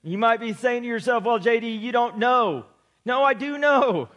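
A middle-aged man, a pastor, preaching a sermon, slowing down to stress his points and joking in chatty asides. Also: very high voice, a bit bright, dull audio. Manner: preaching with slow emphatic build-ups, then chatty joking asides.

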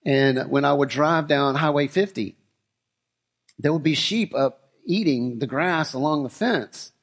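High-voiced man preaching a sermon. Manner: conversational storytelling that builds to emphatic, slowed declarations. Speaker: pastor.

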